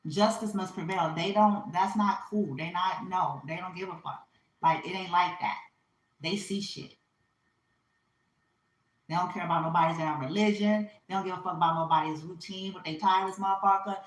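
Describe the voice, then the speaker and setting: A woman with a lowish voice gives a spiritual reading at a moderate pace, delivering it as a casual, profane, emphatic rant packed with repetition. The recording has a roomy echo.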